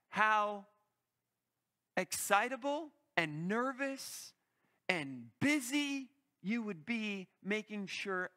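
A male pastor preaching a sermon, telling the story in an animated, vivid way. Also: high voice.

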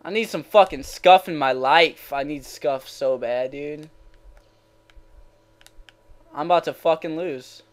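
A man's voice: a little high, takes it slowly, pauses often. Young man raging over a video game. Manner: swearing, swinging between raging shouts and muttering. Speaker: gaming channel host. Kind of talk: live gameplay commentary.

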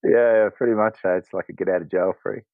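A man's voice: low voice, fast, no echo, phone-quality sound. A man around forty with an Australian accent, chatting easily as a podcast guest and laughing often. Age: 40s. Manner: easygoing, laughs often, relaxed storyteller. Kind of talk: casual conversation.

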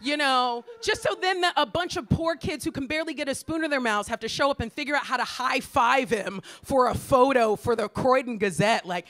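An American woman in her forties doing a stand-up comedy set, brash and profane, ranting in exasperation with sudden shouted outbursts. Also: high voice, a little fast, hardly any pauses. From Los Angeles, US. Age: 40s.

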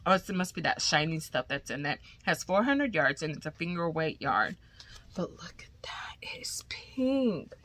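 A woman chatting casually to viewers, gushing and excited, often dropping to a whisper, a little congested from a cold. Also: deep voice, moderate pace. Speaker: crochet vlogger. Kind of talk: casual unboxing chat to viewers.

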